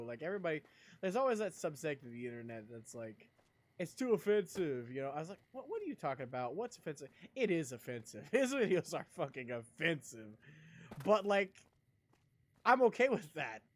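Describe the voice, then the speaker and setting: A young man live-streaming, chatting casually in a rambling, profane way and laughing a lot. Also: fairly high pitch. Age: young adult.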